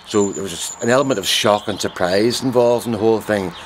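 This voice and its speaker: Deadpan man telling a tale in his garden. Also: on the low side, brisk, slight background noise. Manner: deadpan, mock-serious. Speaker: vlogger. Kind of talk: casual comic storytelling to camera. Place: garden outdoors. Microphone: handheld camera.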